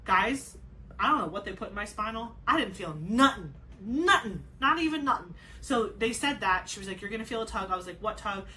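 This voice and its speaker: A woman's voice: medium pitch, lively intonation, fairly quick, pushed and bright, a little hiss or hum. A young woman hosting a craft channel, telling a personal story in a chatty way full of "like" and restarts. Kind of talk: casual chat, telling a birth story.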